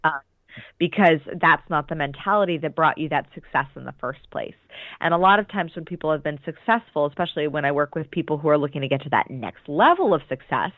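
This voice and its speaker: In a casual interview, a woman business coach thoughtfully explains her approach, frequently restarting her sentences. Her voice sits low, with no room sound, over a tinny, dry, phone-like line.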